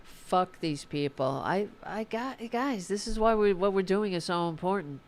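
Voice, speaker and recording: A woman's voice: medium pitch, animated, normal speed. A tired woman hosting a political livestream, chatting casually and swearing as she reads the chat and signs off. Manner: informal and profane, fired-up about politics.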